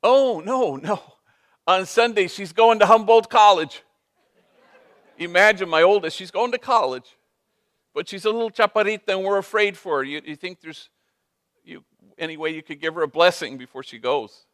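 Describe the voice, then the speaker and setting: A man voicing a former gang member as an adult father, excited and emphatic. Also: high-pitched, brisk, no room sound, studio quality, voice pushed up.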